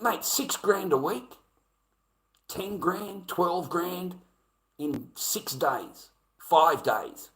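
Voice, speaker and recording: A man's voice: high voice, lively intonation, drawn-out words, fairly bright tone. An Australian man ranting to his audience in a casual, profane, indignant way, repeating his points. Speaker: streamer. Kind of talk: casual rant to camera.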